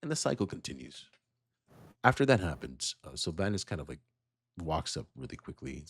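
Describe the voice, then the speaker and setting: A man's voice: rumbling low, big pitch swings, normal speed, husky. A man narrating as dungeon master, in a loose, filler-heavy style. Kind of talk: narrating a tabletop game.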